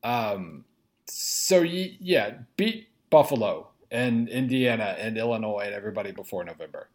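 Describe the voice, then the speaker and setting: A man's voice: on the low side, lively intonation, moderate pace. A man talking casually about college football on a podcast, laid-back and chuckling. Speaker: podcast guest. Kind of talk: casual sports chat.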